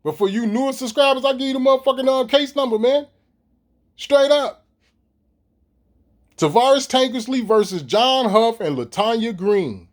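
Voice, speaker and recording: Casting: middle-aged man, high-pitched voice, profane and animated vlog rant to the audience. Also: normal speed, long pauses. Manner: profane, animated, street slang, talks straight to viewers. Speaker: vlogger. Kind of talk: casual ranting monologue to camera.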